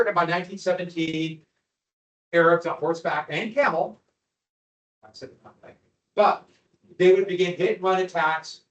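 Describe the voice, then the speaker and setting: A man's voice: fairly high pitch, a bit bright, rough recording. A man teaching a history class over maps and slides, chatty, with asides and rhetorical questions to his students.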